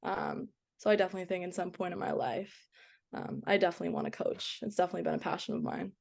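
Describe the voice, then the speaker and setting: A woman's voice: on the low side, fast, vocal fry. A young woman with a slight Boston accent, a college athlete chatting as a podcast guest, laughing often and using lots of fillers. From Boston area. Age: young adult. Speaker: guest, college soccer goalkeeper. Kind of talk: casual interview chat.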